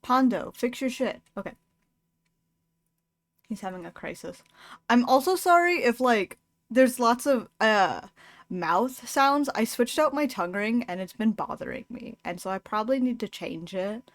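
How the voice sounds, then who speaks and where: A young adult woman chatting casually to her stream while she crochets, excitable and quick to swear. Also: a little high, no echo.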